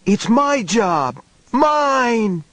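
A man's voice: high voice, lively intonation, unhurried, no room sound, voice pushed up. A man voicing a distraught young boy in an audiobook, screaming and pleading in a frenzy. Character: distraught young boy, frantic and grief-stricken.

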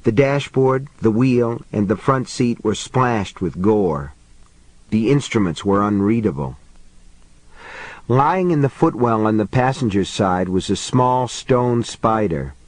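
A man's voice: lowish voice, animated, slow pace, no echo, rough recording. Man narrating a novel, dry close sound. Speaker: audiobook narrator. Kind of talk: scripted narration.

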